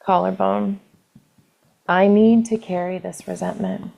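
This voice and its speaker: A woman leading a guided EFT tapping session, calling out tapping points in a slow, gentle, repetitive way. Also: mid-range voice, fairly even intonation, gravelly, lo-fi sound.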